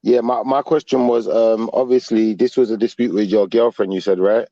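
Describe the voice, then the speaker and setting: A man's voice: fairly low pitch, fairly even intonation, normal speed, mellow, no echo, lo-fi sound. A man co-hosting a live chat, pressing a caller with probing questions and hesitating with fillers as he goes. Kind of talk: casual chat.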